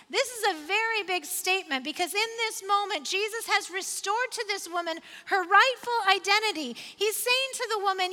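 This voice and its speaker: Bright high-voiced woman preaching. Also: normal speed, hardly any pauses, in a large hall. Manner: conversational, building to emphatic repeated refrains. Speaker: pastor. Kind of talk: sermon.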